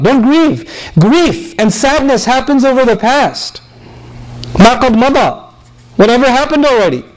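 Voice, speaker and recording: A man with a strikingly high voice delivers a Quran lecture in a loose, conversational way. He mixes jokes with vivid storytelling and keeps his listeners close as he explains. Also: poor audio. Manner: lively, humorous, conversational storytelling. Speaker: Quran teacher.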